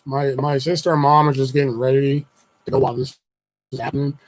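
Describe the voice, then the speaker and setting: A man's voice: medium pitch, fairly even intonation, brisk, rough recording. A young man streaming live, telling a long personal story in a rambling, casual way, swearing freely and full of fillers. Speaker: livestreamer.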